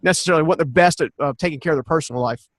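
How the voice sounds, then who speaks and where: A man's voice: fairly high pitch, rapid-fire, no room sound. Earnest man telling a personal story. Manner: animated, earnest storyteller with frequent restarts. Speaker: podcast guest. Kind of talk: personal storytelling in a conversational interview.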